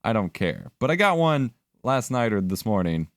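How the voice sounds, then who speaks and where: A man's voice: lowish voice, big pitch swings, normal speed, no room sound, clean studio sound. A young man chatting casually while editing on a live stream, thinking aloud and swearing now and then. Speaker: livestreamer editing video.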